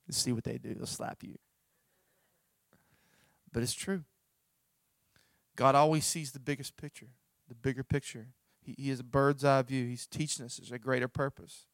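A man preaching a sermon, telling a personal story in an animated, self-mocking way. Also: medium pitch, normal speed, vocal fry, no room sound, clean studio sound. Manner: animated storytelling, acts out his own reactions. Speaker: pastor.

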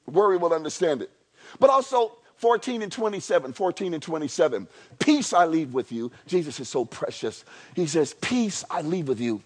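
High, animated preaching man. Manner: call-and-response preaching, repeats phrases for emphasis; stammering restarts, swings from hushed to loud. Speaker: pastor. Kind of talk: sermon.

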